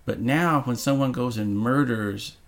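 A man's voice: medium pitch, unhurried. A man co-hosting a podcast, chatting casually and sarcastically about a movie, swearing freely. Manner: sarcastic, profane. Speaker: podcast co-host.

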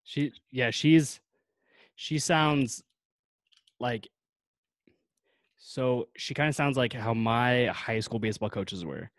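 A man's voice: mid-range voice, takes it slowly, pauses often, no echo. A man chatting casually in a laid-back, rambling way, full of fillers. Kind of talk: casual chat.

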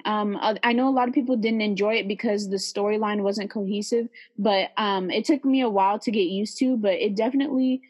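A young woman from the Bay Area chats casually as a podcast co-host. Her talk is loose and relaxed, full of "um" and "like" as she gives her opinions. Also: mid-range voice. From San Francisco Bay Area. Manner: relaxed, chatty, many fillers and likes.

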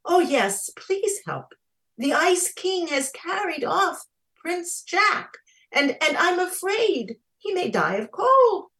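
A woman voicing a desperate young snow princess in a storytelling radio reading, high and breathless as she pleads. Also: sing-song, slow pace, fairly bright tone, full character voice. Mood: pleading.

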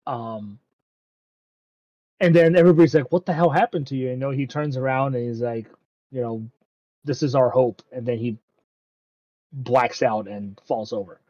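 A man's voice: medium pitch, normal speed, long pauses, warm tone, no echo, dull audio. A man casually recapping an anime episode, rambling with frequent ums and casual swearing.

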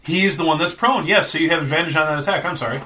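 Bright-voiced man running a tabletop game. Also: racing, a little hiss or hum. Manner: playful, puts on squeaky goblin voices. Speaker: dungeon master.

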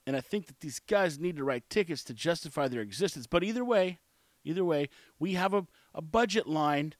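A man's voice: on the high side, expressive, fairly quick, dry recording. A man in his forties telling a story in a casual monologue, blunt and opinionated, rambling with restarts. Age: 40s.

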